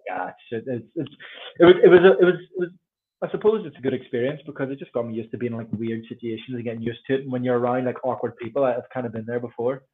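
A man in his thirties with a Northern Irish accent, a podcast guest telling stories in a lively way and acting out the voices of people he quotes. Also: medium pitch, fast. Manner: animated storyteller who acts out quoted voices. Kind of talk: casual conversation. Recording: tinny phone-like sound.

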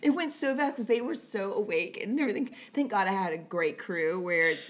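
A woman's voice: mid-range voice, a little fast, slight background noise. A middle-aged woman fire captain telling a station story in casual talk, swearing freely and acting out her crew's lines. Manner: profane, animated, acts out voices in quotes.

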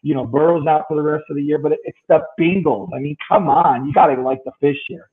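Through a tinny, phone-like recording, a man on the high side talks quickly with a steady, husky tone. He hosts a podcast and chats casually through sports picks, running down the matchups at length.

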